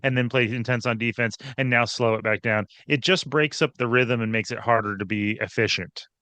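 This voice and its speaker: A man co-hosting a basketball recap show, breaking down the game in an animated, casual way with frequent restarts. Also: mid-range voice, a little fast, no room sound. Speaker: podcast co-host. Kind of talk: casual sports analysis chat.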